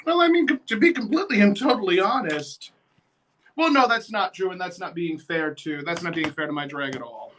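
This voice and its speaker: A man's voice: sits high, animated, a little fast, background noise. A man, a drag performer and guest, chatting casually while doing makeup, sassy and theatrical.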